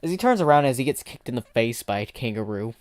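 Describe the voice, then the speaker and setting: A man's voice: medium pitch, very animated, quick pace, dry recording. A man streaming and narrating an improvised fan story, rambling and restarting sentences.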